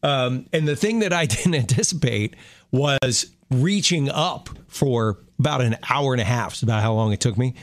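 A man's voice: mid-range voice, expressive, normal speed, dry recording. A middle-aged man co-hosting a radio show, chatting easily about home life and laughing often. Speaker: radio co-host. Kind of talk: casual morning radio chat.

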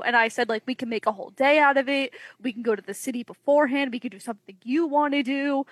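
Young woman, podcast guest, lively storyteller, higher voice, dry close sound. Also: fast, hardly any pauses, no echo. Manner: animated, acts out quoted voices. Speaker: wrestling journalist guest.

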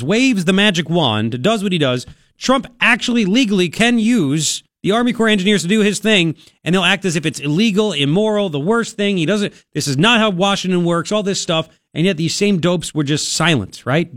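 A man hosting a talk radio show in a studio, delivering an opinionated monologue in a sarcastic, mocking, animated way. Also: sits high, dry recording. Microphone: studio microphone.

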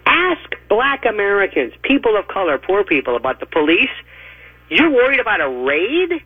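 A man giving emphatic, rapid-fire opinionated commentary as a radio guest, with a husky voice and mocking asides, heard over a phone line. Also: high voice, sing-song, no echo. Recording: tinny dry phone line.

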